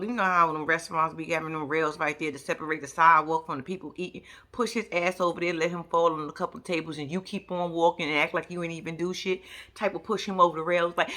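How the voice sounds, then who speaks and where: A woman's voice: on the low side, fairly bright tone. A woman giving a casual reality show recap, blunt, profane and heated as she rants about the people on screen.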